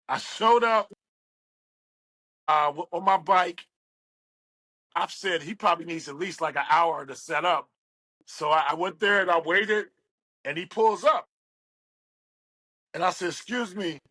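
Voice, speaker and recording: A man's voice: high voice, unhurried, pauses often, no room sound, poor audio. A middle-aged man from West Virginia, a radio DJ, telling stories as a guest and acting out the people he quotes. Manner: animated storyteller, acts out quoted voices. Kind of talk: storytelling interview.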